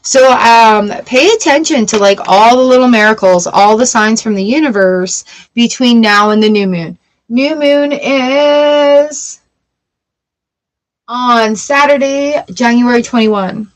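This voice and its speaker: Woman, tarot reader, casual live-stream chat, blunt, swears freely, slightly high voice. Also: takes it slowly.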